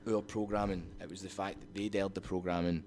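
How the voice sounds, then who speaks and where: A man with a Scottish accent, guest in an interview, telling rambling, animated anecdotes full of "like"s. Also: low-pitched, brisk, a little hiss or hum. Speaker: wrestling promotion owner, guest. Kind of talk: casual storytelling interview.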